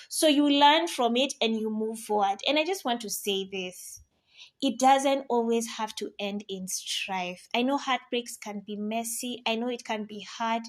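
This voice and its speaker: A woman talks to camera about life lessons. Her voice sits on the high side, lively and playful, then drops soft and quiet when she turns serious. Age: 30s. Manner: animated, playful asides, drops to soft tones on serious points. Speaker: vlogger. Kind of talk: casual life-advice talk to camera.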